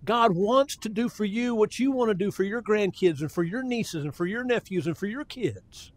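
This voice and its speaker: An older man delivering a sermon in a high-pitched voice. He talks in a homespun, chatty way and keeps circling back to restart his phrases as he builds his point. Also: normal speed. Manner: folksy and conversational, with frequent restarts. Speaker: preacher.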